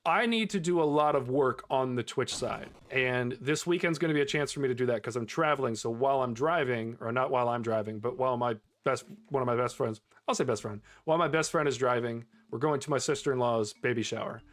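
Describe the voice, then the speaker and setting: A man's voice: mid-range voice, fairly quick, few pauses. A young man chatting casually with his viewers while he plays a game on stream, laughing often. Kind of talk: casual live-stream chat while gaming.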